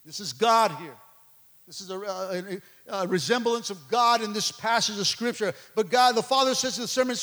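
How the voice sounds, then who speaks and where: A man's voice: high voice, brisk, a bit bright. A man preaching a sermon as a pastor, emphatic and conversational, pressing his points home.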